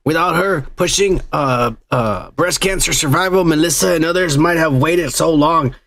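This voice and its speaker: Crude, gravelly podcast host man. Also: on the high side, normal speed, fairly bright tone. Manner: profane, joking, reads comments aloud. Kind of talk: crude casual chat.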